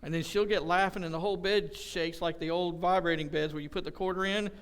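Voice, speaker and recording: A man's voice: high voice, fairly even intonation, brisk, clear, resonant tone. A man preaching a casual, conversational sermon at a church service, joking and telling folksy stories with acted-out quotes. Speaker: pastor.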